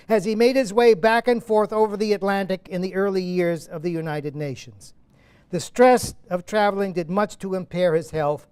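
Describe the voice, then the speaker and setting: A man's voice: high-pitched, a little mellow, smooth. A man in his seventies giving a university lecture as a guest playwright, digressive and self-interrupting, with many asides.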